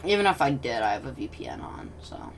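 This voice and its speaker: Woman, low voice, gravelly, rambling gameplay commentary, self-interrupting, mic set far off with faint noise. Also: wildly swooping pitch, fast talker. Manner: rambling, self-interrupting, drops to soft mutters. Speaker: gaming commentator.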